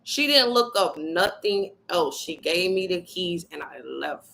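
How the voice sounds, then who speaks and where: A woman with a gravelly, bright voice talks casually to her viewers. She is blunt and full of profanity. She acts out the people in her story with lively voices. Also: fairly low pitch, a little slow, rough recording. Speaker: spiritual vlogger. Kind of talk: casual motivational talk to viewers.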